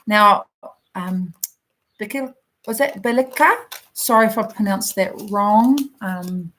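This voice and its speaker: A woman with a New Zealand accent giving a gentle, encouraging oracle card reading to viewers, talking directly to them with plenty of ums. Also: mid-range voice, takes it slowly, slight background noise, rough recording.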